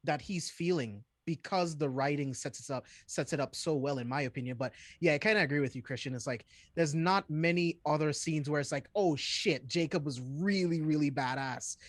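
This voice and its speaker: A man's voice: fairly high pitch, a little fast, hardly any pauses, no room sound. A man as a guest on a film podcast, talking enthusiastically and rambling a little. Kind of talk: casual podcast chat.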